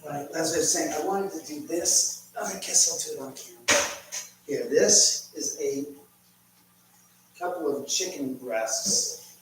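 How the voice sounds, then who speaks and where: Cooking in his home kitchen, a male livestream host chats casually and rambles through viewer comments. His voice runs slightly high and slightly slow. He's picked up from far off in an echoey room, with faint ambience and a noisy background.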